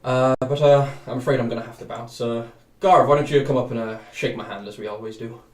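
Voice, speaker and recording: A man's voice: medium pitch, fairly even intonation, quick pace, close to an everyday voice. A man voicing a breezy, cocky horned male rogue who talks in a light, raised voice in a tabletop game. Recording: echoey room, distant mic.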